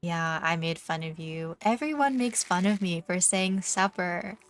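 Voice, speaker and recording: A woman's voice: on the low side, animated, a little slow, smooth. A young Canadian woman streamer with a Canadian accent, chatting casually and teasingly with viewers while gaming, full of fillers. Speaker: VTuber streamer. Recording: faint background music.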